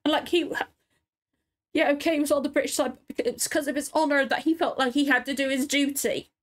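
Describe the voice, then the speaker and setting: A tearful woman with a slightly raised pitch reacts to a show, sniffling between her words. She rambles, swears freely and talks in a loose, emotional way, as if she is at home at her computer. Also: steady tone, quick pace. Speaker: reaction video host. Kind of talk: casual reaction commentary.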